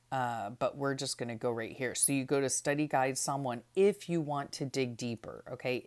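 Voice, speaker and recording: A middle-aged woman casually walking through her Bible study process, chatty with many fillers and tag questions. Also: very deep voice. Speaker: vlogger.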